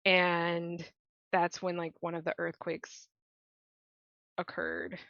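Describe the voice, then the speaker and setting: A woman playing in a tabletop role-play, slowly describing her character's actions. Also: fairly low pitch, completely flat delivery, a bit bright, dry recording, dull audio. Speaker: player.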